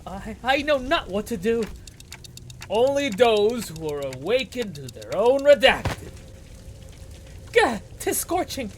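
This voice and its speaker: A flustered knightly character who speaks in lofty archaic phrases, voice pushed high and urgent, put on by a man reading a game aloud. The delivery is theatrical and breathless with alarm. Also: sing-song, slow, long pauses, slight background noise, heavily acted. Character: excitable knightly character, old-fashioned speech.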